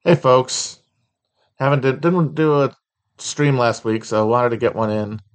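A man hosting a casual livestream chat, talking slowly with many fillers and restarts. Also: mid-range voice, clean tone. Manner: sings a song loosely at the start. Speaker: livestream host.

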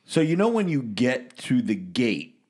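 A man on a casual podcast, spinning a long story in an animated, rambling way. His voice sits mid-range and stays even in timbre. He talks like he's chatting with friends. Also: medium pitch, unhurried. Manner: animated, rambling storyteller who acts out quotes. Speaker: podcast host.

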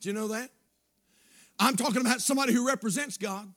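A male pastor preaching a sermon, building up with shouted, repeated lines. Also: very high voice, fast. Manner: preaching with shouted emphatic repetitions.

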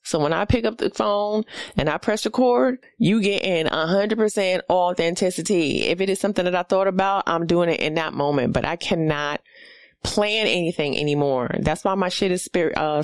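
A woman's voice: low-pitched, dry recording. A woman in her forties with a New York accent, a comedian ranting bluntly and profanely in a casual monologue. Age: 40s. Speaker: comedian hosting a podcast.

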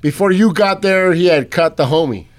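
A high-voiced man hosts a casual podcast. He is blunt and swears freely, and he keeps pushing his guest with pointed questions to get the story told his way. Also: moderate pace. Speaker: podcast host.

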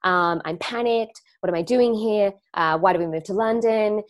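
A woman's voice: mid-range voice, normal speed. A woman with an Australian accent giving a live online talk to students, speaking reflectively and conversationally, with frequent fillers and restarts. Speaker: wellness teacher.

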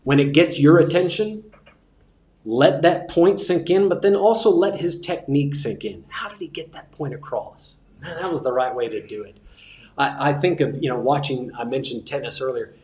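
A man teaching a class on sermon delivery, relaxed and joking, repeating his key points. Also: on the high side, moderate pace, reverberant. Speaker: preaching instructor.

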